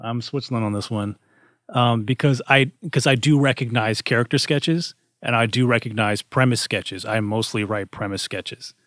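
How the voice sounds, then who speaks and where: A man's voice: medium pitch, normal speed, fairly bright tone, no room sound, clean studio sound. A man co-hosting a casual comedy panel, rambling with many restarts and fillers. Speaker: podcast co-host. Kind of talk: casual discussion.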